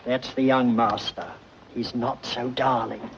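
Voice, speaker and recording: An actor playing a dry, deadpan household servant in a 1940s film. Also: male voice, medium pitch, measured pace, a little hiss or hum, natural voice. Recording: distant, dull old film soundtrack.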